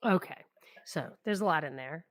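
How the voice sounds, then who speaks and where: A woman co-hosting a political podcast, talking casually with wry, sardonic remarks and halting restarts. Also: low voice, animated, dry recording. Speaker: podcast co-host.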